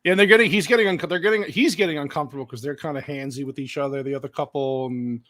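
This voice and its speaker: A man's voice: fairly high pitch, very fast. A man joking and reacting with lots of laughter in a casual movie watch-along chat. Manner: laughs often, animated and joking.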